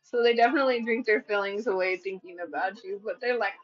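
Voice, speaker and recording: A woman with a mid-range voice gives a quick-paced, casual tarot reading, blunt and full of profanity. She acts out what people say and laughs at her own readings. The recording has a slightly dull, lo-fi quality.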